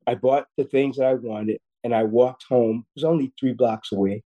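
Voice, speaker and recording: A man's voice: mid-range voice, fairly even intonation, moderate pace, dull audio. A man in his fifties, a podcast guest, telling a personal story in an earnest way, often repeating words as he goes. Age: 50s. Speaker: guest surgeon.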